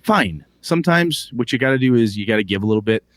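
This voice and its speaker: A man's voice: medium pitch, animated, quick pace, dry recording. Profane, ranting man in his forties. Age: 40s. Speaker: podcast co-host. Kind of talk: casual podcast chat.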